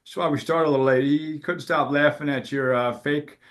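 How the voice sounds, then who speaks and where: A man hosts a sports podcast in a relaxed, chatty way, guiding the talk between topics. His voice sits a little high for a man. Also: normal speed. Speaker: podcast host. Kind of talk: casual podcast chat.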